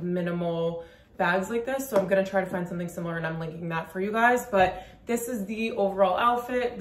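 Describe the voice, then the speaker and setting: A woman fashion vlogger talks straight to camera in a relaxed, chatty way, sprinkling "like" through her sentences. Her voice sits in an ordinary middle pitch. The room is noticeably echoey around her. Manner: chatty, quick, lots of "like" fillers. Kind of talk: casual outfit walkthrough to camera. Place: room at home during a work lunch break. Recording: roomy echo.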